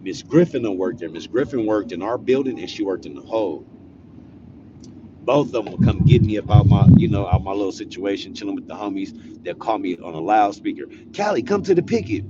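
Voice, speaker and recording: A man's voice: lowish voice, lo-fi sound, noisy background. A man from California telling a prison story in a laid-back, slangy, profane way. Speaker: storyteller vlogger. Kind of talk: casual storytelling.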